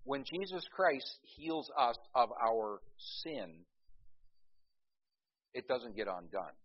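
A man preaches with emphatic swings from loud, urgent bursts to hushed intensity, often restarting words and dropping in folksy asides. His voice sits at an ordinary middle pitch, and the recording sounds a little dull and lo-fi. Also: sing-song, slow, husky. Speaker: pastor. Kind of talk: sermon.

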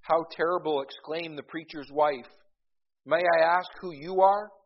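High-voiced preacher on a dull recording. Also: male voice, measured pace. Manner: conversational, repeats words, rises in volume for emphasis. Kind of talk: sermon.

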